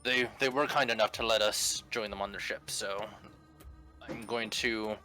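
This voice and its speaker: A man voicing a polite, reserved grown man, recently out of prison, who speaks in a halting way. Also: fairly low pitch, fairly even intonation, pushed and bright, faint music behind.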